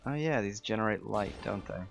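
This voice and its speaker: Deep-voiced Irish man chatting. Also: fairly quick, vocal fry, faint music behind. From Ireland. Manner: chatty, rambling, with many fillers. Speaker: game streamer and voice actor. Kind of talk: casual chat while playing a game.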